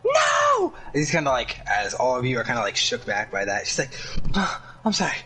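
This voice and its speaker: A man's voice: medium pitch, fast talker, sharp tone, slight background noise, low-quality recording. A young man narrating as game master, rambling and filling gaps with lots of fillers.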